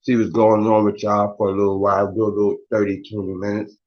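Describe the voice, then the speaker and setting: A man's voice: fairly low pitch, completely flat delivery, fast, highs cut off. A man hosting a casual morning live stream, talking in loose slang, swearing and greeting his viewers by name.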